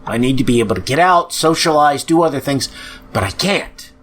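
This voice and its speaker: Angry, sighing podcast host ranting. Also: male voice, medium pitch, expressive, brisk, a bit bright. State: depressed. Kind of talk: ranting monologue.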